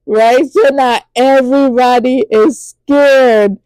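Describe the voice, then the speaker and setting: Woman podcaster telling the whole episode, animated, lots of "like", mellow voice a bit high. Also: slow, few pauses, dry recording. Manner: animated storytelling with lots of fillers; acts out characters' lines in high voices. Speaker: podcast host reviewing a TV drama. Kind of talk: casual recap and review.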